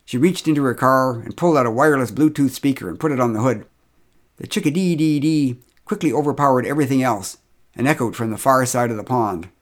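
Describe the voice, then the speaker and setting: A man's voice: medium pitch, fairly quick. A middle-aged man telling a humorous first-person story with wry, dry humor.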